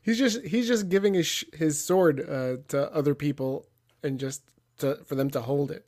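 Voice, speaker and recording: Man, higher voice, excitable, laughs easily, swears, casual video call chat. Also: moderate pace. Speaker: podcast co-host.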